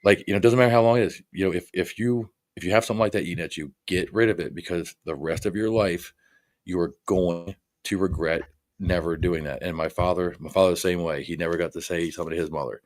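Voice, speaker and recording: A man with a very deep voice speaks earnestly in a casual conversation. He halts, repeats himself and leans on "you know" as he works through his point. The sound is dry and close. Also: quick pace, darkish tone, no echo.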